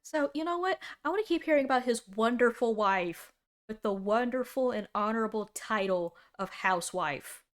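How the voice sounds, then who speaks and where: A young woman in her twenties streaming a casual reaction, talking in an animated and sarcastic way and laughing often. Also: fairly high pitch, moderate pace.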